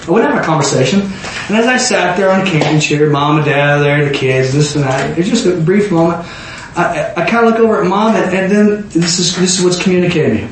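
A young man preaching an informal storytelling sermon, animated and acting out voices with sudden shouts. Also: sits high, a little fast. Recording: very echoey room, faint noise.

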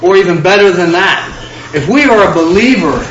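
A man with a high voice preaches a fervent sermon, piling up repeated phrases. He sounds like he is in a reverberant room. The recording is dull and muffled. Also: expressive, a little fast, background noise. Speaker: pastor.

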